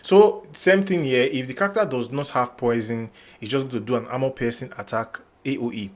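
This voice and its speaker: A man's voice: mid-range voice, fairly quick. A young man hosting a game guide channel, thinking aloud as he reads through new character skills and restarts his lines. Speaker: gaming channel host. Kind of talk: casual game guide commentary.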